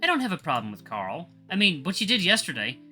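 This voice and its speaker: A man's voice: sits high, huge pitch swings, fast talker, pushed and bright, soft background music, voice pushed up, heavily acted. A man voicing a guarded, distant young woman who answers curtly. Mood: cold.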